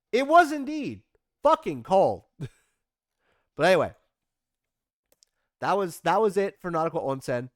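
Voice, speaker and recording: A young man recaps his travels for a live stream audience, wandering from thought to thought and joking at his own expense. His voice is smooth and clear at a middling pitch. The sound is dry and close, with no room around it. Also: no echo. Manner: rambling, self-deprecating, swears casually. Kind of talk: casual chat over photos.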